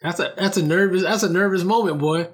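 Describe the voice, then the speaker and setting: A man's voice: high voice, fast. A man in casual podcast chat who restarts his sentences, swears freely and keeps checking in with "you know what I'm saying.".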